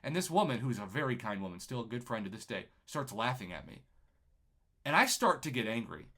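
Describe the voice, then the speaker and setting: A young man from New Mexico telling his own life story in an animated, emotional way, acting out the people he quotes. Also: medium pitch, brisk. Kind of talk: personal storytelling.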